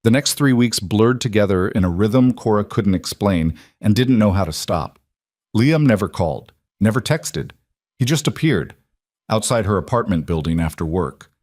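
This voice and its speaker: A man narrating a scripted story in a measured, steady way. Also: fairly low pitch, no room sound, clean studio sound.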